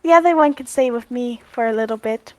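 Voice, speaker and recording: A woman playing a kind young adventurer, speaking softly and reassuringly. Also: a little high, fast talker, a little hiss or hum, close to an everyday voice, poor audio. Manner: soft, reassuring, earnest.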